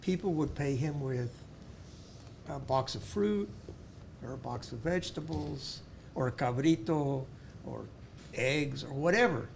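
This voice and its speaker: A man's voice: mid-range voice, measured pace, gravelly, long pauses, slight background noise. A man, a pharmacy owner and school board member, talking earnestly in a casual interview and often restarting his words.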